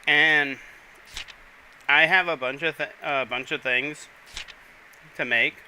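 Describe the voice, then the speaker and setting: A man's voice: on the high side, steady tone, slow, bright, forceful tone, slight background noise, rough recording. A man hosting a casual gaming livestream, chatting and rambling to viewers while he plays. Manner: chatty, rambling, talks to chat while playing. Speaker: livestream host.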